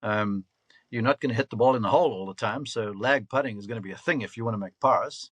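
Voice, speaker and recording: Fifties guy, golf coach on a podcast, chatty storyteller, mid-pitched, dry close sound. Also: fast, breathy edge, dry recording. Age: 50s. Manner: lively anecdotal storyteller, laughs often. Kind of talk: casual podcast interview.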